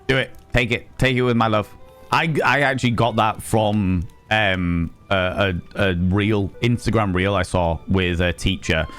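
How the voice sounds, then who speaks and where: A man, a streamer and sex educator, chatting casually and telling animated, wry stories while swearing freely. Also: lowish voice, unhurried, smooth, faint music behind. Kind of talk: casual live-stream chat.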